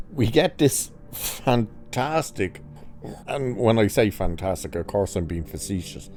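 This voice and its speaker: A man's voice: low-pitched, warm tone. A man reviewing a TV episode in a sarcastic, mocking rant, swearing casually as he picks apart the plot. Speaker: TV review vlogger.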